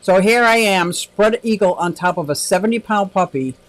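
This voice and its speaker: A man's voice: high-pitched, moderate pace, no room sound, rough recording. A man hosting a casual aquarium livestream, chatting and rambling as he reads viewer comments and laughs often.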